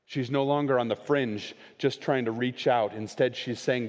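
A man preaching a sermon, swinging between raised, quoted lines and hushed, slowed emphasis. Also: medium pitch, fairly even intonation. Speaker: pastor. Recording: long hall reverb.

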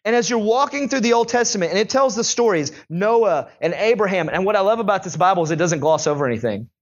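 A young male pastor preaching a sermon in a conversational, animated storytelling way. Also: high voice, fast talker, lo-fi sound.

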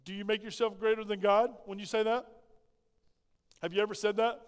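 High-voiced preacher in a reverberant hall. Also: male voice, flat delivery, fairly quick, clear, resonant tone. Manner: emphatic preaching with rhetorical questions to the congregation. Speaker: pastor. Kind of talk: sermon. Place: church hall. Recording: long reverb of a large hall.

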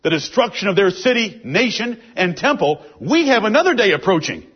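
A man's voice: high voice, sing-song, brisk, breathy edge. A man giving a verse-by-verse Bible teaching, reading out scripture verses and explaining them with emphasis. It is a dull, lo-fi recording.

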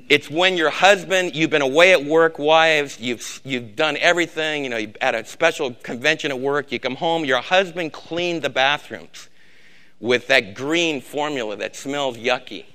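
An older man preaching a sermon as a pastor, swinging from loud exhortation down to low, quiet emphasis and repeating words for weight. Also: normal speed, clear, resonant tone.

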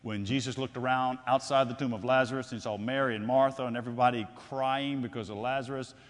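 A man preaching a sermon, swinging between loud declarations and hushed, drawn-out phrases and repeating his lines for effect. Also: mid-range voice, fairly even intonation. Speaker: pastor. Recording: long hall reverb.

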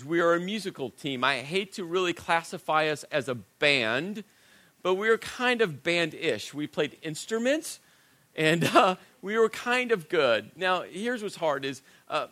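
During his sermon, a fairly high-voiced middle-aged pastor relates a personal anecdote, chatty and poking fun at himself. When the subject gets serious, he drops to a near whisper.

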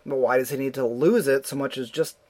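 A man co-hosting a casual film-review chat, excitable and laughing, with stumbling restarts. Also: medium pitch, fairly quick. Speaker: podcast co-host.

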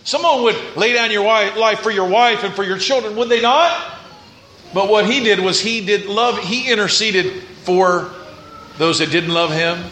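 A man's voice: sits high, normal speed, bright, forceful tone. A man preaching a sermon as pastor, earnest, with rising and falling intensity. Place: church sanctuary. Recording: echoey church room.

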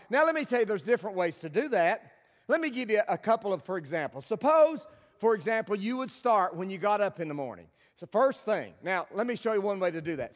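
A man's voice: extremely high pitch, fairly bright tone. A man preaching a sermon as a guest speaker, folksy and humorous, getting the congregation to repeat his words back to him. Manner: folksy and humorous, leads the congregation in call and response. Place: church sanctuary. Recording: long church hall reverb.

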